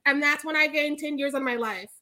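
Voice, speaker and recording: A woman co-hosting a casual podcast, telling a story in an animated, profane way. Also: high voice, a little fast. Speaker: podcast co-host. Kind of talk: casual chat.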